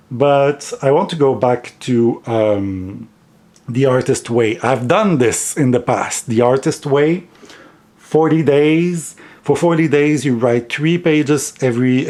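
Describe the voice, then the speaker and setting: A man speaks English in a non-native accent, taking his time in an unhurried, halting way. His tone is gentle and reflective as he chats to camera in a casual vlog, with soft laughs along the way. His voice sits at an ordinary middle pitch. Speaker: card deck vlogger.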